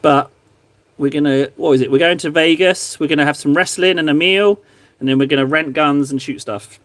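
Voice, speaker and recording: A man's voice: a little high, a little fast, fairly bright tone, dry recording. An Englishman hosting a casual livestream while painting miniatures at home. He rambles, jokes about himself, and chats with his viewers into a close streaming microphone. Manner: rambling, self-deprecating, joking.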